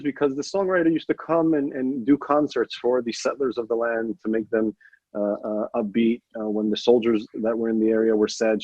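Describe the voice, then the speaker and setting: A man's voice: mid-range voice, a little mellow, slightly rough, dry recording, highs cut off. A young man telling a personal family story at a memorial program, earnest, with restarts and emphatic quoted lines.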